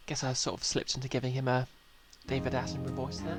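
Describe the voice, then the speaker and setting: A woman's voice: rumbling low, level tone, fast. A woman streamer making chatty, joking asides while playing a game. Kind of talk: casual game commentary. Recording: loud game music behind.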